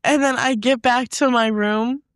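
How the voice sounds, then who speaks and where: A young woman telling a story in casual chat, animated and laughing, jumping high when she acts out her own past lines. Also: unhurried, dry recording, studio quality. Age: young adult.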